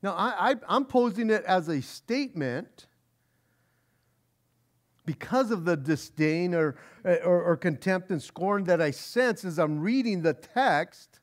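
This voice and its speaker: High, lively-voiced male pastor preaching. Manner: earnest, frequent stammered restarts; reads scripture aloud slowly. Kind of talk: expository sermon.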